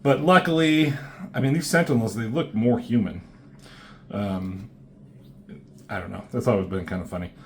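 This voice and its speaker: A man's voice: fairly low pitch, moderate pace, pauses often, slight background noise. A man casually talking through comic book pages, rambling and swearing, with lots of fillers and restarts.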